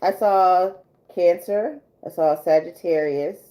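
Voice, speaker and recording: A woman's voice: lowish voice, slow, warm tone, low-quality recording. A woman giving a casual livestream tarot reading, rambling through restarts and fillers and laughing often. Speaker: tarot reader.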